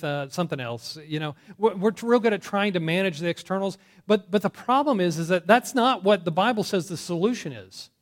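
A man preaching a conversational sermon, often correcting himself and putting questions to the congregation. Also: sits high. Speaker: pastor.

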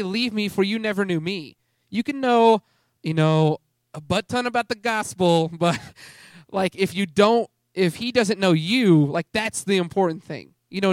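With a high voice and clean studio sound free of room reverb, a young adult man shares an earnest testimony sermon at a youth ministry gathering. He rambles and keeps cutting himself off to begin sentences again.

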